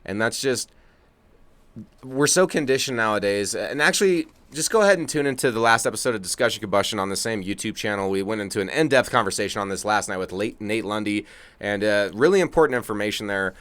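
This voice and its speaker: A man's voice: fairly low pitch, animated, fast talker, fairly bright tone, no echo. A man co-hosting a casual podcast, talking in a laid-back, rambling way with easy chuckles, recording from his own setup apart from his co-host. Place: home studio, remote from co-host.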